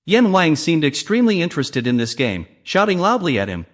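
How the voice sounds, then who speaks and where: A man's voice: on the high side, big pitch swings, fairly quick, fairly bright tone. A man narrating a comic story recap, reading all the characters' lines in his own voice.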